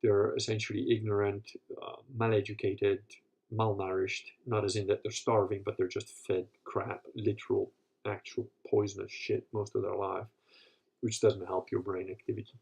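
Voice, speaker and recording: A man's voice: on the low side, flat delivery, normal speed, creaky, darkish tone, husky. A man hosting a live Q&A, telling crude, rambling stories with lots of profanity. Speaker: host answering live questions. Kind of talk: live Q&A talk.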